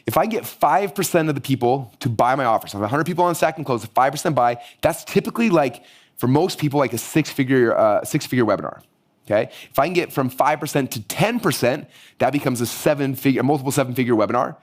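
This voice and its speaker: A man teaching a live online marketing workshop, energetic and hyped-up, his voice going hoarse. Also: mid-range voice. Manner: energetic, hyped-up, rapid-fire. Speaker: marketing course instructor.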